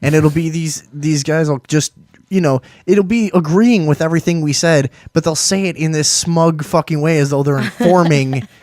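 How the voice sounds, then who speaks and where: A man's voice: fairly high pitch, normal speed, darkish tone, no room sound, studio quality. Profane ranting man hosting a talk show. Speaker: podcast host. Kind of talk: casual live talk show.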